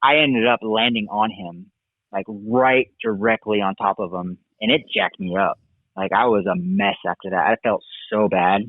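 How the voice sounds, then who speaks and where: A man's voice: on the low side, normal speed, dry recording. A man who is a former motocross racer, telling his career story in a casual, rambling way and often saying "dude" and "like". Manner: relaxed, rambling, says "dude" and "like". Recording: tinny phone-like line, dry.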